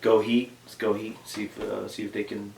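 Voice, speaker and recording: A woman's voice: very deep voice, level tone, moderate pace, creaky, mellow, a little hiss or hum. A woman hosting a casual sports review show, rambling with many fillers and restarts. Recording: echoey room, mic far off.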